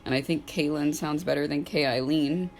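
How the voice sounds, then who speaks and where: A young woman in her twenties speaks straight to camera in a personal vlog. Her talk is loose and unscripted, peppered with "like," and she is open about her feelings. Soft music plays faintly underneath. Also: low-pitched, steady tone, normal speed. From Southern United States. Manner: casual, candid, filler-heavy, with frequent "like"; openly emotional at times.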